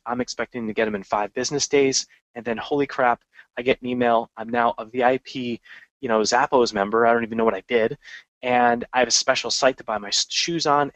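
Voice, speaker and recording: A man's voice: mid-range voice, a bit bright, dry recording, low-quality recording. A man hosting a marketing podcast, talking energetically in a casual, conversational way with frequent restarts and asides. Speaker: podcast host and marketing coach. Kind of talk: casual business podcast monologue.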